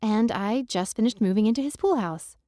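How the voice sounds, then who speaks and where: Mellow-voiced woman narrating a romance audiobook. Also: a little high, lively intonation, moderate pace, no echo, studio quality. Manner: wry, self-deprecating and emotional.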